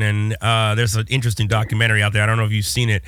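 A man hosts a relaxed podcast chat, rambling and animated, often restarting his sentences. His voice sits at an ordinary mid pitch, recorded up close and dry, with no room echo. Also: quick pace, hardly any pauses. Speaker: podcast host and communications professor. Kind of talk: casual podcast conversation.

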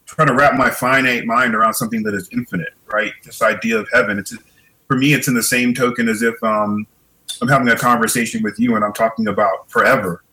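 Reflective man talking in a relaxed way. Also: medium pitch, fast talker, poor audio. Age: middle-aged. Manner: reflective, repeats words while thinking. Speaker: podcast guest. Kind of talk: casual podcast conversation.

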